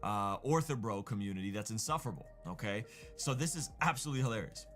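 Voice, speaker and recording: A man's voice: lowish voice, lively intonation, fast, fairly bright tone, soft background music. A man giving sarcastic, mock-praising online video commentary.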